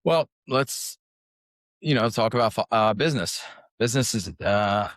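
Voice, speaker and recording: A man in his forties, a podcast guest, talking casually with lots of fillers and lively anecdotes. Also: lowish voice, moderate pace, no room sound, studio quality. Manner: conversational, animated anecdotes, many fillers. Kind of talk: casual interview talk.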